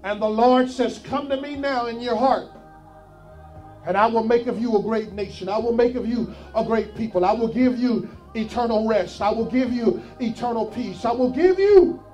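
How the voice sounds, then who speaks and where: A man preaching a sermon as pastor, rising from quiet encouragement to shouted pleas with urgent repeated calls. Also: very high voice, moderate pace, faint music behind. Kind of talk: sermon with altar call.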